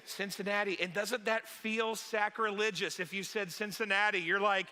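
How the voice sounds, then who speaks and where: A male pastor preaches in a loose, joking way, his voice pitched high for a man. His tone is bright and sharp, and it carries a long reverb from a church hall. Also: moderate pace, few pauses, clear, resonant tone. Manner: chatty, joking, animated. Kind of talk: sermon.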